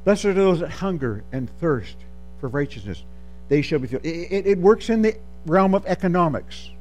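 A man preaching a sermon, calling for amens and swinging between soft asides and loud, drawn-out lines. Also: sits high. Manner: animated, calls for amens, swings from soft to shouting.

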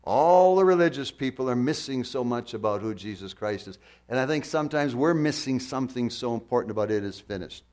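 A male preacher delivering an impassioned sermon, his voice leaping high and loud on questions, then dropping low and quiet. He hammers points home with repetition and rhetorical questions, in a mid-pitched voice. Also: lively intonation, a little fast, hardly any pauses.

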